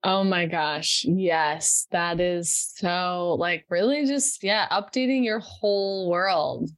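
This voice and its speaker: A woman's voice: lowish voice, takes it slowly, no echo. A woman hosting a podcast, reflective and affirming in casual conversation.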